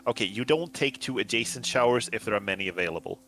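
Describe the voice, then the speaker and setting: A man from Finland reads his own visual novel aloud in a low-pitched voice. He is relaxed and laughs easily between lines, moving from read narration to casual chat. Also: fast, soft background music. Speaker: visual novel creator reading his game.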